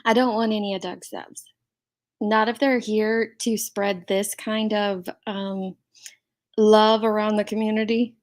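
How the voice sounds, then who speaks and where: A woman's voice: mid-range voice, steady tone, unhurried. Indignant middle-aged woman livestreamer. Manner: indignant, reads out and thanks chat members. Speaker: commentary channel host. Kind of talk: livestream reaction commentary.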